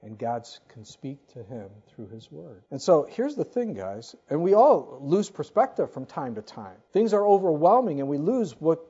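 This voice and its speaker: Husky, lively preacher on a dull lo-fi recording. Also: mid-range voice, moderate pace, few pauses. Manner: animated, conversational preaching with rhetorical questions. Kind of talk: sermon.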